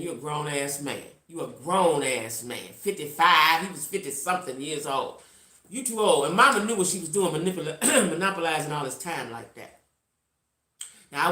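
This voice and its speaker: A woman's voice: deep voice, a bit bright, roomy sound. A woman around sixty telling a blunt, salty story to her viewers, repeating lines for emphasis and reacting to live chat. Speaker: vlogger.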